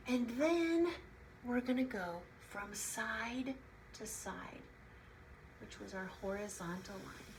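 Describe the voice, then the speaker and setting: A woman teaching an art lesson to preschoolers, patient and soft-spoken, often half-whispering. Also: medium pitch, background noise. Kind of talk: slow, gentle instruction for preschoolers. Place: her room at home, fan running.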